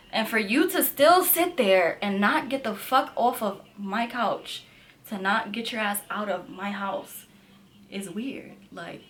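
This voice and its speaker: A woman's voice: medium pitch, a little hiss or hum. A woman in her twenties telling a story to camera in a casual, heated, profane way, at home on a camera mic. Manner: animated, profane, heated retelling. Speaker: vlogger.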